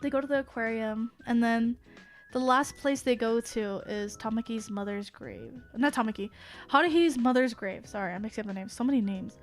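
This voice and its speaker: A young woman streamer chats her way through a story, rambling and swearing casually. She laughs often as she goes, and her voice sits a little high. Quiet music plays underneath. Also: fairly even intonation, fairly quick. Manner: laughs often while talking. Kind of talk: casual chat retelling an anime plot.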